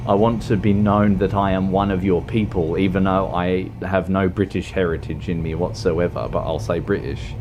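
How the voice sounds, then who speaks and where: A low, steady male voice at a moderate pace, with hardly any pauses and background noise behind him. He's an Australian game streamer chatting casually at home while driving a truck game, rambling and self-mocking with lots of fillers and laughter.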